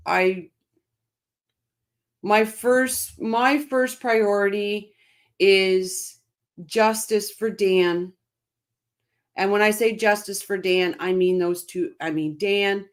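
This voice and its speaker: A woman hosts a casual live-stream, reading viewer comments aloud by name and answering with emphatic, impassioned commentary. She often repeats her phrases, speaking in a medium-pitched voice.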